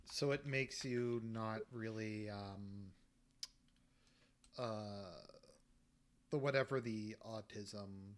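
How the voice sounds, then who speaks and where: A man in a casual livestream chat, asking questions in a hesitant, halting way. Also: fairly low pitch.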